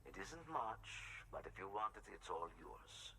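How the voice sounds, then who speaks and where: A quiet, gentle male video game character, speaking softly with a bright edge and a lively lilt. He comes across as a distant game voice under faint ambient noise. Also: on the low side, moderate pace, full character voice. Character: soft-spoken male video game character giving gifts.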